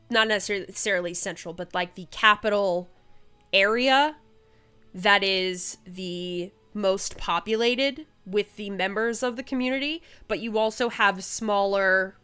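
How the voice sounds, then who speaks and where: A woman's voice: medium pitch, pushed and bright, clean tone. A woman running a tabletop game as game master, describing scenes in a rambling way with frequent fillers and restarts. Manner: rambling, hesitant, many fillers and self-corrections.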